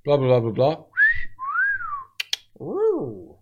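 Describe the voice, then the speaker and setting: A man who is a comedian, chatting on a podcast, telling animated stories, acting out voices and swearing freely. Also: mid-range voice, extremely slow, phone-quality sound, very noisy. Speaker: comedian guest. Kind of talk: casual podcast chat.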